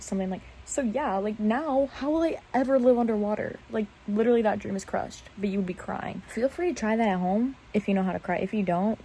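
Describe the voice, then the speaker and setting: A woman's voice: mid-range voice, warm tone, a little hiss or hum, poor audio. A young woman chatting casually into her phone camera in bed at night, rambling and laughing at herself. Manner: rambling, self-mocking, giggly. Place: bedroom at night.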